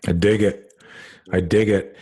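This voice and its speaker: Man, husky voice, lowish pitch, self-defense coach host, animated storyteller. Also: a little slow. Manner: animated, acts out quoted voices, many fillers. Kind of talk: conversational storytelling.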